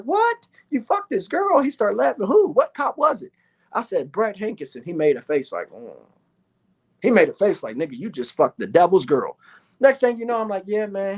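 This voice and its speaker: A man with a Louisville, Kentucky accent tells his own story in a loose, profane monologue. He talks excitably and jumps into other people's voices as he goes. The delivery is animated and unscripted. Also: high voice.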